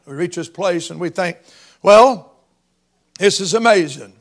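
A man in his fifties preaching a sermon with fervent delivery that swells into shouts and whoops. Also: sits high, measured pace. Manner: fervent Southern-style preaching, rising to shouts.

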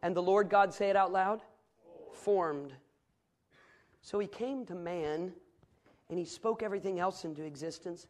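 High-voiced man preaching with fervor. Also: a little slow, pauses often. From northern United States. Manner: emphatic preaching, rising to loud climaxes and dropping to quiet asides. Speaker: pastor. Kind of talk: sermon. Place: church sanctuary.

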